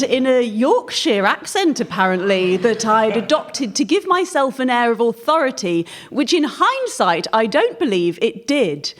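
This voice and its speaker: A woman on a comic panel game, telling a story in a brisk, chatty way. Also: on the high side, big pitch swings, a little hiss or hum. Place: radio studio before an audience.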